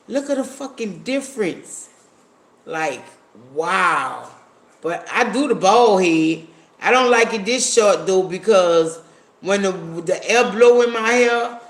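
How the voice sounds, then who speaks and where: A man's voice: sits high, unhurried, a bit bright. A man chatting casually on a livestream, blunt and profane, reading viewer comments aloud. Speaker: livestream host.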